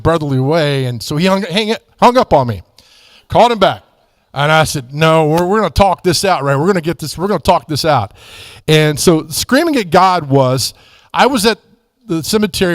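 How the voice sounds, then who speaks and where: A man's voice: a little high, dry recording, clean studio sound. A man speaking at a church as a guest author, telling faith stories in an earnest, folksy way. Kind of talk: conversational church testimony with storytelling.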